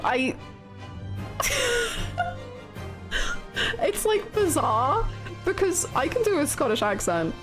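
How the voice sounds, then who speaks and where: A woman streamer chatting casually and laughing at herself while she plays a video game, with game music behind. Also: high voice. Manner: giggly, self-deprecating chatter.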